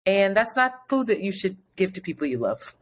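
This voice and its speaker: A woman's voice: mid-range voice, big pitch swings, normal speed, a little hiss or hum. A woman co-hosting a podcast in casual chat, laughing often and acting out voices when she tells a story. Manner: laughs often, acts out voices in her stories. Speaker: podcast co-host. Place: New York.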